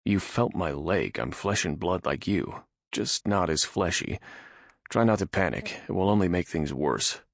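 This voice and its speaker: A dry, sarcastic male prisoner, weary and irritated, in a storybook reading, as a man voices him. The voice is low and gravelly with a husky edge, recorded close and dry. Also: animated, unhurried, no echo, full character voice.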